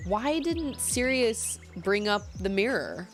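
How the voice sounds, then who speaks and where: Over soft background music, a young adult woman gaming streamer takes her time, chatting casually, thinking aloud, and laughing easily. Her mid-range voice is a bit bright with lively intonation.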